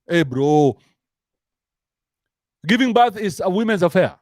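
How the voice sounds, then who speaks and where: A man's voice: sits high, animated, a little slow, pauses often, a little mellow, no room sound, studio quality. A man with a Kenyan accent giving a crude, mocking comic rant, switching between English and slang. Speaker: commentary show host. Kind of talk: rant-style comic commentary.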